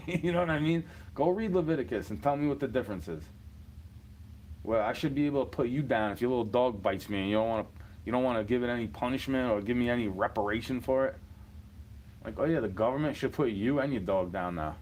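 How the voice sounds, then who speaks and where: A man's voice: medium pitch, fairly quick, darkish tone, slight background noise. A man in his thirties from New York City, ranting in a rambling, profane monologue and chuckling between points.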